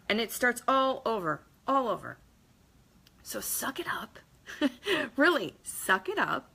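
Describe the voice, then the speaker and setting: A woman with a slightly high voice, vocal fry and a sharp tone talks to camera as a motivational vlogger. Her casual talk is blunt and emphatic, with mild swearing and quotes voiced in different characters.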